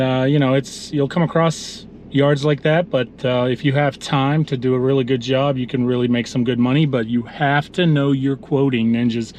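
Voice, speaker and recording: A man's voice: medium pitch, darkish tone, a little hiss or hum. A man chatting casually as a lawn care vlogger, telling stories to his viewers outdoors. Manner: chatty, storytelling, addresses viewers as ninjas. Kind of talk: casual vlog narration. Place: outdoors at a yard.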